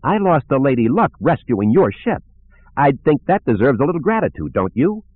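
A man voicing a cocky, smooth-talking male gambler who teases with sarcasm. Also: medium pitch, very animated, moderate pace, voice pushed up. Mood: needling, cocky. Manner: teasing, sarcastic, self-assured. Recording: narrow phone-like sound.

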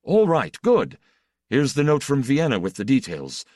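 A man's voice: mid-range voice, sing-song, a little mellow, dry recording, studio quality, voice pushed up, natural voice. A man voicing a flustered, ambitious male deputy who speaks in urgent, agitated bursts. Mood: brisk. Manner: urgent, agitated, rapid questioning. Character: excitable middle-aged male politician, a deputy.

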